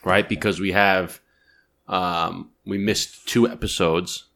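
A man's voice: low-pitched, steady tone, slow, creaky, fairly bright tone. A man co-hosting a podcast, chatting in an easygoing way, laughing often and swearing casually. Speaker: podcast co-host. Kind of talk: casual chat.

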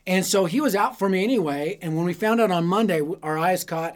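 High-voiced man preaching with comic stories. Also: fast talker. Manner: animated, self-deprecating, punchy comic timing. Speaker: youth ministry preacher. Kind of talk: humorous storytelling sermon.

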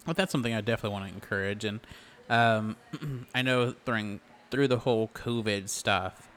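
A man's voice: lowish voice, a little fast, a bit bright, smooth. A man co-hosting a podcast, talking in a laid-back, agreeable way and swearing casually. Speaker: podcast co-host. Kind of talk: casual chat, movie review.

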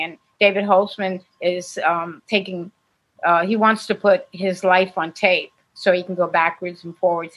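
An older woman talks through her memories with a lively storyteller's energy and frequent laughs. She speaks in a relaxed conversational interview manner. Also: medium pitch, rough recording. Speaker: actress and guest. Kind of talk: casual interview chat.

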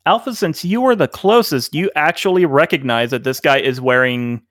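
A man narrating as game master, relaxed and rambling with many fillers. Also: a little high, moderate pace, no room sound, studio quality.

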